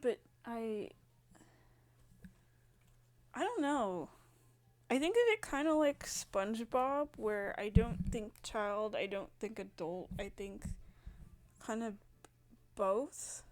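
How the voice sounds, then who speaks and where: A woman's voice: on the high side, lively intonation, slow, pauses often. A woman giving casual gameplay commentary, thinking aloud and hesitating as she sets up a character. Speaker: gaming video creator.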